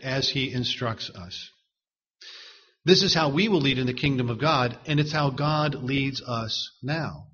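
A man delivers an earnest sermon in a husky, breathy voice that sits a little high. He slows down to read quotes with care. The recording sounds dull and muffled. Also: a bit bright. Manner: earnest, reads commentary quotes slowly. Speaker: preacher.

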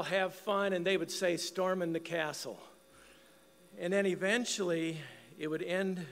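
A man's voice: fairly high pitch, vocal fry, long reverb tail. An older man preaching a sermon in church, telling a folksy family story. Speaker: pastor.

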